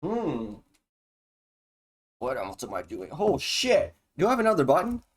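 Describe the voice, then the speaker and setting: Rambling streamer with a lively voice. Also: medium pitch, unhurried, breathy edge. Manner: erratic, profane and jumpy, with sudden laughs and exclamations. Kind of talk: rambling solo stream monologue.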